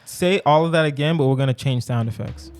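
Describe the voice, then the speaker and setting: A man's voice: medium pitch, brisk, a little mellow, soft background music. A man hosting a casual podcast chat, playful and teasing, laughing easily as he explains a question. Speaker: podcast host.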